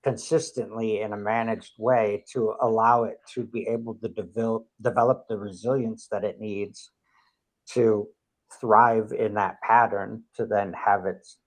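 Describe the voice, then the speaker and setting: A man speaking in a measured, conversational way, thinking aloud as he talks. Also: on the low side, flat delivery, gravelly. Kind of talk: reflective conversational talk.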